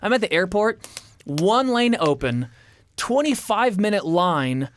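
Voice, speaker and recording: Animated storytelling man on radio. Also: high-pitched, measured pace. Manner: animated storyteller, acts out every voice in his tale. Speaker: radio show host. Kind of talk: casual radio chat. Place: radio studio.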